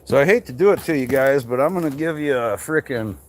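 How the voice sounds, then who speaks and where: A man's voice: mid-range voice, lively intonation, fairly quick, a little hiss or hum. A man from Michigan who runs a tree business, chatting casually and swearing freely on a live stream from an outdoor work site. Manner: swears freely, loose rambling talk.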